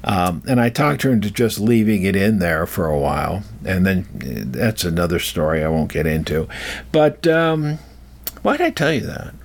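An older man wanders off track as he tells a personal story and hands out life advice in a casual, rambling monologue, often cutting himself off and restarting sentences. His voice sits low but swings widely in pitch. He speaks at a normal speed.

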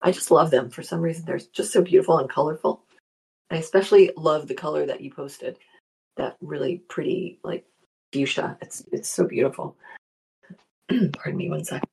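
A woman hosting a live show as a spiritual psychology practitioner, chatting casually, greeting listeners by name and reading their comments, with a gravelly voice. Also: deep voice, steady tone, normal speed, pauses often, dark tone. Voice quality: gravelly morning voice.

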